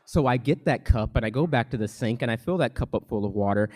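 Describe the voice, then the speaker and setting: A man telling a comic personal story live on a theater stage, with a lively, suspense-building delivery. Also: medium pitch, fast talker.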